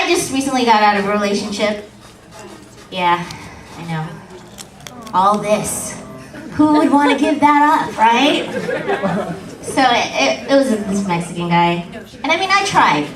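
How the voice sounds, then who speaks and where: Bawdy stand-up comic, woman, high squeaky voice, recorded from afar in an echoey club with a laughing crowd. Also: big pitch swings, unhurried, pauses often, far from the mic. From Philippines. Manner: bawdy, playful, crowd-teasing. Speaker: stand-up comedian. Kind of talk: stand-up comedy set. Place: comedy club stage, large room.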